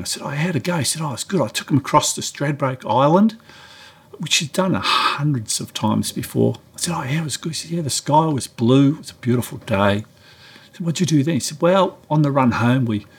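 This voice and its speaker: A middle-aged man giving a sermon-style talk, telling a story and acting out both sides of the dialogue. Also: breathy edge. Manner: animated storyteller, acts out dialogue with raised pitch. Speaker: preacher.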